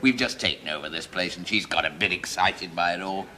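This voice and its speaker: A man's voice: low voice, fairly quick, sharp tone. An actor playing a fussy, chatty pub landlord in a 1970s sitcom, chattering and laughing at his own jokes. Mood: confiding. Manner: chattering, giggling, self-amused. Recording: studio audience laughter.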